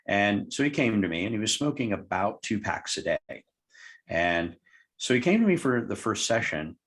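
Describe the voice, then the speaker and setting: A man's voice: on the low side, very animated, moderate pace, a bit bright. A man, a hypnotherapist guest, telling a client story in an interview and acting out both sides of the dialogue. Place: lived in Tucson, Arizona.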